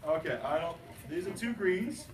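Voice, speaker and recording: A male chemistry teacher lecturing his class, animated and jokey, asking students questions. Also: on the high side, moderate pace, background noise. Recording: roomy, distant classroom recording.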